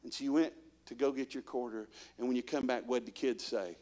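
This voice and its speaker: A man's voice: medium pitch, fast. A man, preaching a guest sermon in a church and quizzing the congregation with question after question. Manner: animated storyteller, quizzing the congregation with repeated questions.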